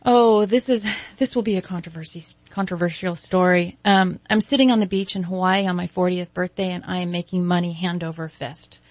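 A woman in her forties, a guest event designer, chatting in an interview and telling lively stories. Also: on the low side, brisk, few pauses, dry recording. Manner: animated storyteller, acts out quoted voices. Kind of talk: casual interview chat.

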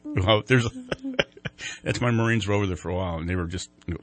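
A man's voice: deep voice, brisk, long pauses, fairly bright tone. A man hosting a TV morning show, chatting casually and telling rambling jokes. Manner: joking, rambling storyteller. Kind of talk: casual chat.

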